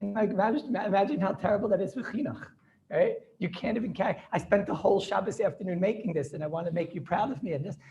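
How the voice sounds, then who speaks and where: A man's voice: sits high, fast, vocal fry, warm tone, a little hiss or hum. A man, a rabbi, teaching an informal class over a video call, joking and talking back to his students.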